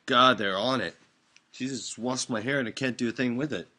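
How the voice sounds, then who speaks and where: An older man chats on a video call with a bright, forceful voice. He rambles loosely and swears freely. His talk is middle in pitch. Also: a little fast. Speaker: show host. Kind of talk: casual chat.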